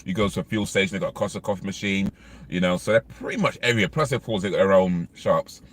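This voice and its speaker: A man's voice: sits low, fast talker, a little hiss or hum. A man, vlogging in casual, rambling chat while eating in his car. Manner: rambling, chatty, many fillers. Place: inside a parked car.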